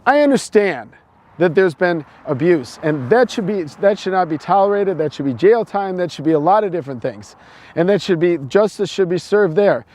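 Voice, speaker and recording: A man's voice: high voice, animated, normal speed, darkish tone. A middle-aged man from the United States, giving a preachy opinion monologue full of restarts and repeated words. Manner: repetitive, preachy, stumbling restarts.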